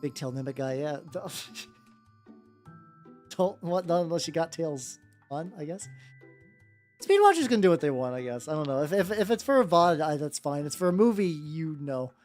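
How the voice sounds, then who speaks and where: A live streamer paints miniatures while chatting casually, rambling loosely, swearing freely, and greeting viewers by name again and again. The voice is mid-range and darkish, with lively intonation at a normal speed, and faint music plays in the background.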